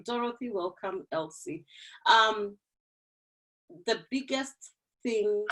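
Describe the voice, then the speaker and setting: Animated woman hosting a video call. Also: medium pitch, a little slow, pauses often, low-quality recording. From Kenya. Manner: animated, laughs often, chatty. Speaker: host of an online women's forum. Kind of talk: casual chat on a video call.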